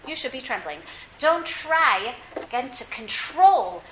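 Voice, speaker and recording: A woman teaching a classroom Bible lesson, lively and questioning, often quizzing her students. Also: sits high, slow pace, echoey room, slight background noise, poor audio.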